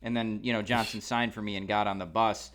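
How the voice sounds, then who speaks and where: A man's voice: lowish voice, flat delivery, fairly quick, a bit bright. A man co-hosting a podcast in casual chat, blunt and opinionated as he tells a story. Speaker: podcast co-host.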